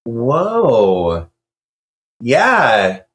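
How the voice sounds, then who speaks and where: A man's voice: medium pitch, wildly swooping pitch, extremely slow, a bit bright. A man, a horror novelist guest, talking in a rambling, casual way with many restarts. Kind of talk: casual interview chat.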